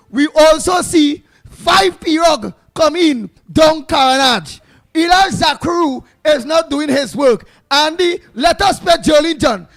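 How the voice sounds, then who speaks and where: A man doing a shouting, ranting border patroller. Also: extremely high pitch. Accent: Trinidadian.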